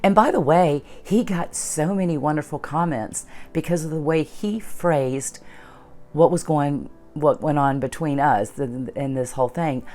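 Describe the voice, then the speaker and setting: Middle-aged lady with a deep low voice telling her story, soft music behind. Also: measured pace. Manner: earnest, animated retelling with quoted dialogue. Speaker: channel host. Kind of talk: personal storytelling.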